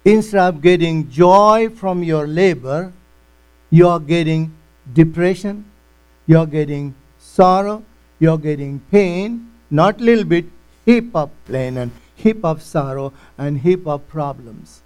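A man's voice: a little high, takes it slowly, darkish tone, clean tone, low-quality recording. A man preaching a sermon in emphatic, non-native English, repeating words for weight.

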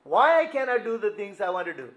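A man's voice: high-pitched, big pitch swings, fast, highs cut off. A man preaching a sermon, acting out quoted cries as he explains scripture. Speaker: pastor.

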